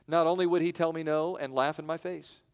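A man preaching a sermon in a church, with dramatic pauses, and acting out the voices in the stories he tells. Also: fairly high pitch, steady tone, darkish tone, clear, resonant tone, in a large hall. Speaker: pastor. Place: church sanctuary.

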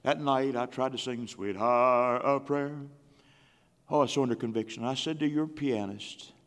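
Bright-voiced older preacher in reverberant church. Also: male voice, medium pitch. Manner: impassioned preaching, slow drawn-out emphasis when reading scripture aloud. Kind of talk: sermon. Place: church sanctuary. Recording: long church hall reverb.

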